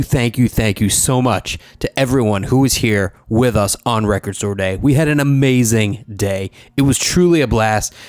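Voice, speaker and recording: A man's voice: medium pitch, darkish tone, dry recording. Upbeat joking man hosting a podcast. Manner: upbeat, jokey, hurried asides. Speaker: podcast host. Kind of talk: casual podcast banter and ad reads.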